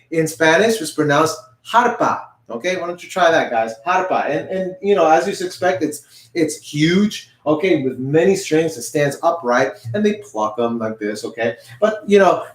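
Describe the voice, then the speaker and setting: A man teaching an online music lesson, patiently explaining and having learners repeat words after him, with a frequent "okay?". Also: a little high. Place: indoors, showing pictures on screen. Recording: roomy echo.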